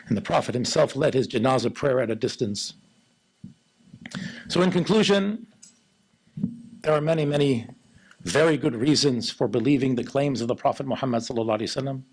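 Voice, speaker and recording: A man giving an Islamic lecture in a low monotone, then taking audience questions. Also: creaky, slightly rough, low-quality recording. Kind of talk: religious lecture with Q&A.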